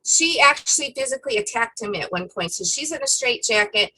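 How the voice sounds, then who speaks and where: A woman co-hosting a casual faith-themed chat, retelling a story in an animated way with many fillers. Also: a little high, a little fast, slightly rough, poor audio. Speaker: co-host.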